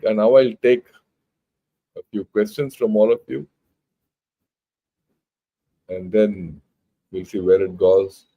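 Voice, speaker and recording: A man's voice: medium pitch, a little mellow, rough recording. An older man with an Indian English accent giving an informal, emphatic talk, blunt and full of rhetorical questions. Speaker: retired army general giving a talk. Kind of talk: informal lecture.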